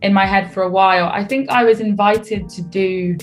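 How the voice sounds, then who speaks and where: A young British woman, a singer being interviewed on radio, talking in a relaxed, chatty way and laughing easily. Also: medium pitch, moderate pace. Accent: British English. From United Kingdom. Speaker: singer guest. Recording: faint music behind.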